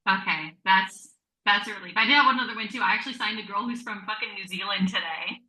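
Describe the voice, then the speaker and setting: A woman's voice: medium pitch, fast talker, sharp tone, roomy sound, low-quality recording. A woman coach on a group call, speaking earnestly and questioning herself. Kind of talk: casual chat.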